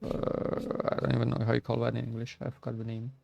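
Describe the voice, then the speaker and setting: A man giving live gameplay commentary, muttering half to himself and joking at his own expense. His voice has a gravelly, fried edge in the middle of the male range. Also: medium pitch, monotone, fast, lo-fi sound. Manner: muttering, self-deprecating. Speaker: streamer.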